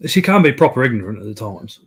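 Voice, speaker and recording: A man's voice: on the low side, sing-song, fast, creaky, crowd noise. A middle-aged man hosting a casual live stream, chatting and reading out viewer comments. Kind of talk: casual chat.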